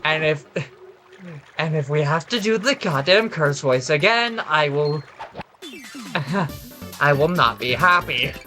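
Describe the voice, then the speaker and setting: A man's voice: fairly high pitch, animated, slow, long pauses, sharp tone, soft background music. A tired, worn-out man giving casual, rambling gameplay commentary with swearing and frequent restarts. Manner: rambling, swears, self-correcting. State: exhausted, voice worn out. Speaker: let's play commentator.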